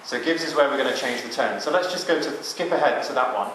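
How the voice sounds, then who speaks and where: A man's voice: mid-range voice, lively intonation, quick pace, a bit bright, slight background noise. Man teaching chant in an echoey cathedral. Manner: explains step by step, checks in with the group, sings examples. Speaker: chant workshop presenter. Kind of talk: teaching psalm chanting to a group.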